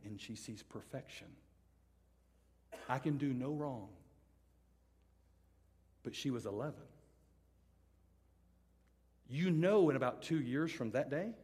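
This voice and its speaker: A middle-aged man preaching a sermon to students before a live audience. He tells a personal story with animated comic swings, then turns hushed and earnest. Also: mid-range voice, husky. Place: large hall with a live audience. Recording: long hall reverb from a live venue.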